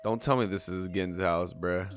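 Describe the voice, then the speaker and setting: A man's voice: low-pitched, steady tone, normal speed, soft background music. A young man casually reacting to an anime as he watches, swearing freely and filling his talk with "bro" and "like.". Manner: swears a lot, says bro and like. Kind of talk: casual live reaction commentary.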